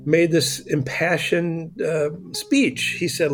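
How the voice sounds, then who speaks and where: A man's voice: mid-range voice, normal speed, darkish tone, soft background music. Man reflectively recalling a memory. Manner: reflective, recounting personal memory. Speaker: interviewed scholar. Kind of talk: recorded interview recollection.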